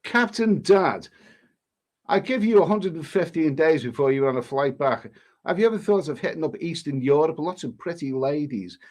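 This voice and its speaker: A man hosts a casual live stream and reads out viewers' messages in a voice that sits a little high. He answers with cheeky, joking banter, often stopping to restart his sentences. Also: animated, moderate pace, a little mellow. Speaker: travel vlogger reading live chat.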